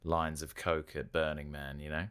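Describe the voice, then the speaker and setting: A man's voice: a bass voice, level tone, fairly bright tone, smooth. A man co-hosting a podcast, chatting casually with wry jokes and long asides. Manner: wry, joking, drawn-out asides. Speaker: podcast co-host. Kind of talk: casual chat.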